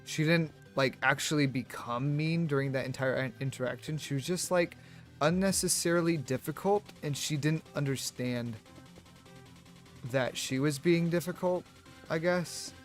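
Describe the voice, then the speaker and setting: A man streaming, telling a story in a rambling, animated way with many restarts and fillers. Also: a little high, normal speed, faint music behind. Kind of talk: casual storytelling on a live stream.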